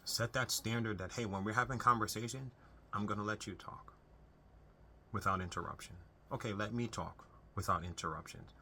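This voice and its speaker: With a fairly low, bright, forceful voice marked by vocal fry, a young self-help host speaks at a moderate pace to camera. He gives earnest, unscripted family-relationship advice conversationally, often starting over, over slight background noise.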